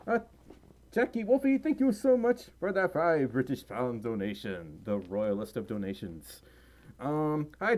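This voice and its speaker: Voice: medium pitch, darkish tone. A person hosting a casual home livestream, tired and a little out of breath, rambling and giggling while reading viewer messages aloud at a desk microphone. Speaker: livestream host reading chat and donations. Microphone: desk microphone close by.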